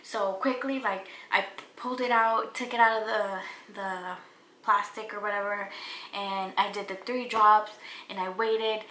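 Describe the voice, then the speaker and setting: Young woman vlogger, bright chatty delivery, roomy home recording. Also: mid-range voice. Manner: chatty, lots of "like" and restarts, animated quoting of herself. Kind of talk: casual storytelling to camera. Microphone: camera or phone mic. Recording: echoey room with faint ambient noise.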